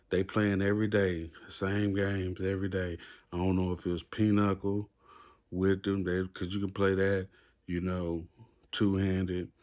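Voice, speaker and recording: A man casually telling a rambling story full of slang and fillers. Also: sits low. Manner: laid-back, rambling, heavy with fillers and slang; acts out the other inmates' shouting.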